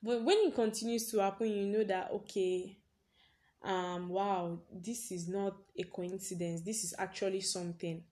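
A woman's voice: medium pitch, fairly even intonation, moderate pace, a little mellow. Chatty young woman podcaster. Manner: chatty storytelling, leans on "basically", laughs often. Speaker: podcast host. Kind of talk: casual personal podcast monologue.

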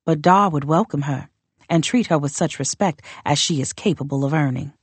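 In a low, formal, husky voice, a woman reads as a proud northern warrior queen laying out terms, measured and coolly contemptuous. Her cold, demanding audiobook performance is close and dry, with no room sound at all.

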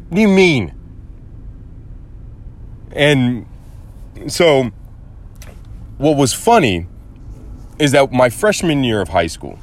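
Young man, podcast host, casual storytelling, lively up-and-down pitch, acts out voices. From Arizona, USA. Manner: animated, acts out quoted voices, swears casually.

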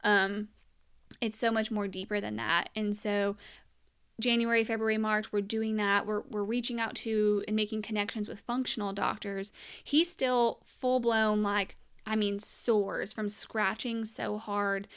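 A woman's voice: mid-range voice, flat delivery, measured pace, a bit bright, clean tone. A young woman telling her personal story as a mother in an earnest, emotional monologue, at times close to tears.

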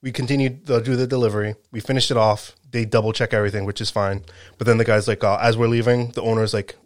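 Male storyteller, blue-collar, profane and animated, dry mic. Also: on the low side, fast, no echo. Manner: animated, profane, acts out quotes. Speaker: truck driver telling a story. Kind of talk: casual storytelling chat.

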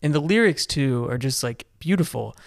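A man co-hosting a music podcast, rambling eagerly with plenty of restarts and fillers. His voice sits at an ordinary middle pitch. The sound is close and dry, with no room to it. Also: lively intonation, normal speed, creaky, no room sound. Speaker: podcast co-host. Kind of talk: casual music discussion.

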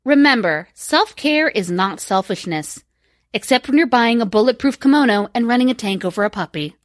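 Young woman rambling on a podcast, swears a lot, laughs a ton, high voice that bounces all over. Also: lively intonation, moderate pace, dry recording, clean studio sound. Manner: giggly, profane, rambling. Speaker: podcast co-host. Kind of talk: casual chat.

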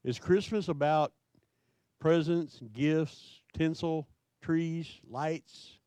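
A male pastor delivers a sermon, drawing out his rhetorical questions with slow emphasis. His voice sits a touch higher than most men's. The sound is dry and close, with no room echo. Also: fairly even intonation, dark tone, clean tone.

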